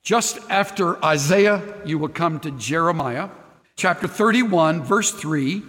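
A man's voice: on the high side, animated, takes it slowly, fairly bright tone, big-room sound. An older man preaching a sermon, earnest and intimate, sometimes dropping almost to a whisper. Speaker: pastor.

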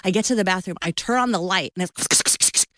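Animated storytelling woman in her fifties, dry sound. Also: medium pitch, fast talker, no room sound, soft background music. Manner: animated, uses lots of "like", acts out quotes. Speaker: guest author. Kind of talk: storytelling interview chat.

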